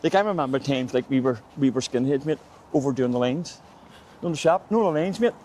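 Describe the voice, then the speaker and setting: A man's voice: medium pitch, expressive, quick pace, a little mellow, a little hiss or hum. Chatty Belfast man, full of "mate". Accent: Northern Irish (Belfast). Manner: chatty storyteller, says "mate" constantly. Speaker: local guide. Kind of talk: casual walking-tour chat. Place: outdoors on city streets.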